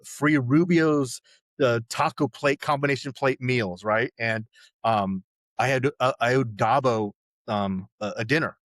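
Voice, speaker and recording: A man's voice: medium pitch, dry recording. A man in his sixties, a podcast guest telling college stories in a rambling, profane way, full of restarts and "you know"s. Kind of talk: casual storytelling chat.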